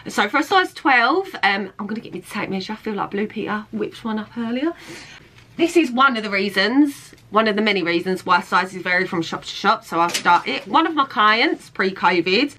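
A young woman chats casually to camera, filling her sentences with "like" and circling back to restart her thoughts. Her tone is bright and forward, sitting at an ordinary middle pitch. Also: lively intonation, normal speed, slight background noise, rough recording. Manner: chatty, filler-heavy, with frequent "like" and restarts. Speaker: fittings model and vlogger. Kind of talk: casual talking-head vlog.

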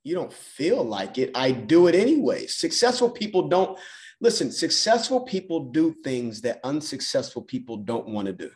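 A man's voice: mid-range voice, sing-song, moderate pace, darkish tone. Emphatic motivational coach, man. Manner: emphatic, repeats phrases for effect. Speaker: business mindset coach. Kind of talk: motivational call talk.

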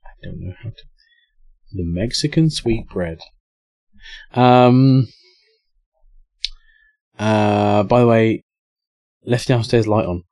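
A man's voice: lowish voice, slow pace, pauses often, mellow, no echo. A young English man streaming a game, chatting casually, swearing and reading out chat. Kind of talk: casual live-stream commentary.

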